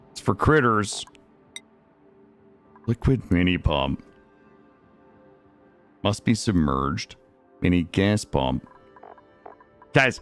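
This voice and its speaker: A man streaming live, giving excitable and loud gameplay commentary to his chat. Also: mid-range voice.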